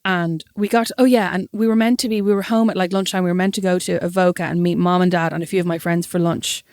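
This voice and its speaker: Woman, Irish accent, young adult, podcast co-host, quick pace, dry close sound, animated self-mocking storytelling. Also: lowish voice, no echo. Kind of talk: casual chat, storytelling.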